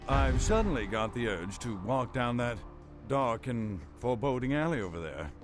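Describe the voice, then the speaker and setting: A man's voice: medium pitch, lively intonation, normal speed, natural voice. A man playing a prim, complaining rich snob. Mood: haughty. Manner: prim, complaining, upper-class. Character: snooty, fussy rich man stranded at night. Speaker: video game character. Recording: game audio with music behind.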